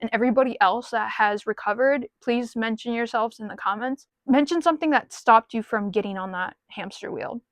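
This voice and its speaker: A woman's voice: on the high side, fairly quick, few pauses, no echo. Frank, rambling woman vlogging from her car. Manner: frank, rambling, self-deprecating. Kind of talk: casual talk to camera. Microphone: small mic plugged into a phone.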